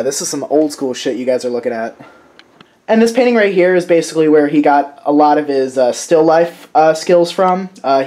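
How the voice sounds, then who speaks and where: A man's voice: fairly high pitch, darkish tone. A man in his twenties, vlogging casually at home, who talks in a rambling, sentimental way with lots of fillers and restarts. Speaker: vlogger showing family artwork. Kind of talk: casual show-and-tell vlog. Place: at home, indoors.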